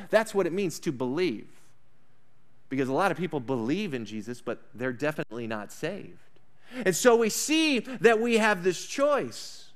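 A man preaching a sermon as a pastor, emphatic, slowing down and rising in pitch on key points. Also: big pitch swings.

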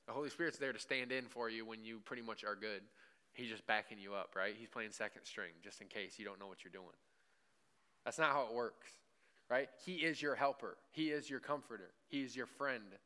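A male pastor's clear, resonant voice sits at medium pitch, brisk, bright, and forceful, as he gives a conversational sermon in church. He often throws in "right?" and briefly acts out imagined conversations with God.

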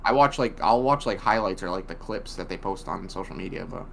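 A man's voice: sits low, fairly quick, gravelly. Brief: young male co-host, blunt and profane, rambling casual recap, faint background hum. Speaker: podcast co-host. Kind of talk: casual wrestling recap chat.

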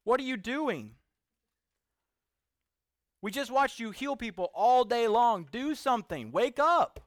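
A man's voice: extremely high pitch, lively intonation, slow pace, dry recording, clean studio sound, voice pushed up, exaggerated voice. A man preaching, putting on the voice of panicked disciples pleading in a storm. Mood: frantic. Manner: frantic, pleading shouts.

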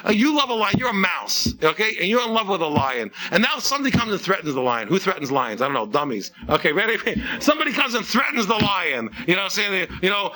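Man, religious teacher, informal talk, high voice, bright, rhetorical questions, repetitive. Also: very animated, fast talker, hardly any pauses.

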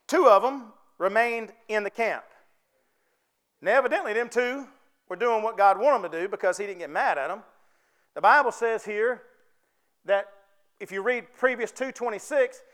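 A man's voice: high-pitched, a bit bright. A man preaching a sermon with fervor, calling out to his congregation for responses. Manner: fervent, calls out to the congregation for responses.

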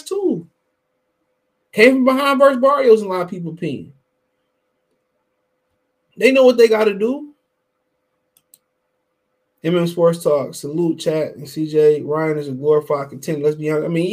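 A man hosting a boxing podcast, giving heated, profane casual commentary while greeting his live chat. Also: sits high. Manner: profane, heated, emphatic and repetitive.

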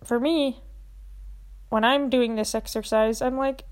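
A woman's voice: on the high side, steady tone, unhurried. A young woman hosting a podcast, earnestly guiding listeners through a self-help exercise and getting emotional at times. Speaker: podcast host.

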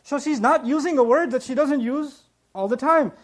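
Guy with a high voice preaching, animated storyteller, acts out the lines, unpacks word meanings. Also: moderate pace. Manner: explains word meanings in detail. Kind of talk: nightly sermon.

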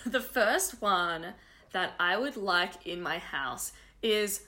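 This podcast co-host has a medium-pitched voice and speaks slowly. Her casual chat is full of lively storytelling and frequent laughter.

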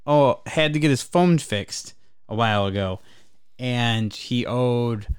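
A man's voice: medium pitch, slow pace, smooth, dry recording, studio quality. A man co-hosting a casual podcast, telling rambling, profane stories about customers. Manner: rambling, profane, animated retelling. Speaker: podcast co-host and game store worker. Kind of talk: casual storytelling chat.

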